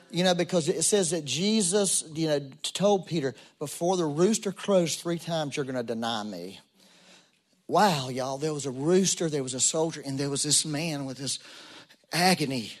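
A man preaching a sermon to a congregation, telling a story in a casual way and building to emphatic peaks. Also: mid-range voice. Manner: conversational storytelling, rising to emphatic. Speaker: pastor. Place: church room with congregation.

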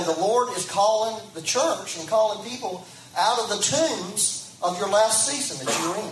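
A man's voice: fairly high pitch, slight background noise. Man preacher, conversational sermon, repeats himself, fervent calls, echoey church, distant mic. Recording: echoey room, from a distance, faint ambience.

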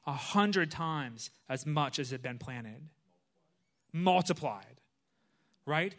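A man giving a conversational sermon, telling a personal story in a casual, chatty way with frequent pauses and restarts. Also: on the high side, fairly bright tone. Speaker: pastor.

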